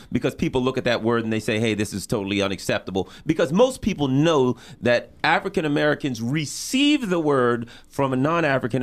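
A man on a radio panel, getting carried away as he makes his points. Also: mid-range voice. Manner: animated, gets carried away.

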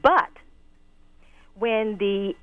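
Over a tinny phone line, a woman calls in to a radio talk show and speaks extremely slowly in a medium-pitched voice with no room sound. She sounds hesitant, searching for her words during the call-in discussion.

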